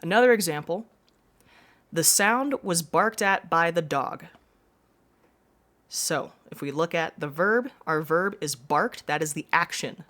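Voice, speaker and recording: A woman's voice: on the low side, measured pace, a bit bright. A woman teacher giving a classroom lesson, explaining step by step with frequent reminders.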